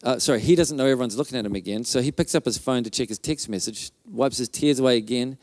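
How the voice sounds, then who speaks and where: A man's voice: medium pitch, fast talker, darkish tone, no room sound. A male pastor telling a healing story in a conference sermon, loose and chatty, with fillers and restarts and little mouth sound effects.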